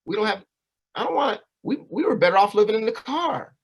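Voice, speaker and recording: A man from California gives a personal storytelling talk to a community audience, speaking earnestly and conversationally while often checking in with "right?" and "you know." His voice sits high and sing-song, brisk in pace, with a creaky, slightly rough texture.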